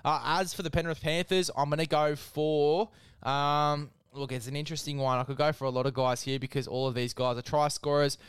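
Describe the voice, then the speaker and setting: Blokey Australian man with a smooth voice. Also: mid-range voice, fairly even intonation, brisk, few pauses, a bit bright, dry recording. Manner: blokey, keeps saying mate, hammy ad read. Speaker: podcast host. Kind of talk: casual sports preview chat.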